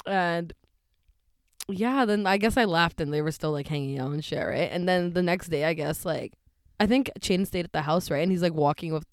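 A young woman in casual chat, telling an animated story full of swearing and quoted voices. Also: on the low side, brisk, dry recording, studio quality.

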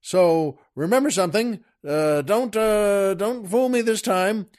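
A man voicing a stubborn lawyer who insists loudly and stumbles over his words in anger. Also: sits high, measured pace, voice pushed up. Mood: demanding.

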